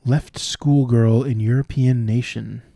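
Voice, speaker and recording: A man solving cryptic crossword clues out loud, thinking through each one and explaining the wordplay as he goes. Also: medium pitch, steady tone, slow, creaky, no echo, studio quality. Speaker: puzzle solver.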